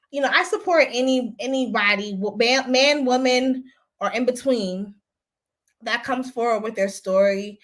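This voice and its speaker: Brief: young woman host, very high, bright voice, blunt, profane gossip commentary. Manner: blunt, profane, heated ranting. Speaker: host of a gossip recap show. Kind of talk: casual commentary livestream.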